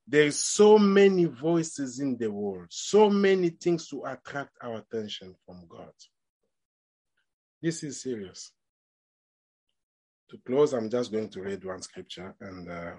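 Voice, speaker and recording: Male preacher, somewhat high voice, emphatic rising phrases, chatty sermon. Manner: conversational preaching with rising emphatic lines and quick asides.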